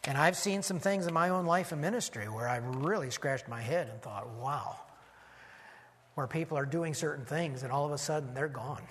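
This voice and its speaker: A man preaching with a notably high voice and an earnest, teaching manner. He walks through his sermon in lettered points, like a pastor at the pulpit. His words hang in a long hall reverb. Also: fairly quick, hardly any pauses, a bit bright, husky. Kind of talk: expository sermon.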